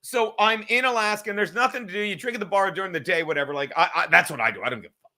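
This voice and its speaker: A man with a New York accent hosting a casual chat, telling stories animatedly with plenty of swearing and quick asides. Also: sits high, sharp tone. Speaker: podcast host and comedian.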